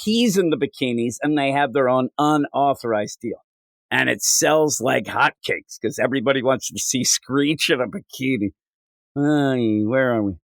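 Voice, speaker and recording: A man's voice: mid-range voice, no room sound, studio quality. A man hosting a comics podcast, riffing jokily and putting on silly voices. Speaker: podcast host. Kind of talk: casual comedic chat.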